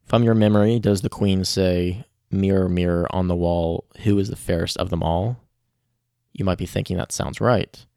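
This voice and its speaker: Male narrator, low voice, talks straight to listeners. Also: normal speed, creaky, no echo, clean studio sound. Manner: steady, explanatory, addresses listeners directly. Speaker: presenter of a survey report. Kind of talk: scripted narration.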